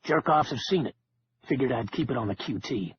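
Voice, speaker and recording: A man voicing a gruff, loyal older male friend who talks bluntly and coarsely. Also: medium pitch, animated, a little fast, close to an everyday voice. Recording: dull lo-fi with faint hiss.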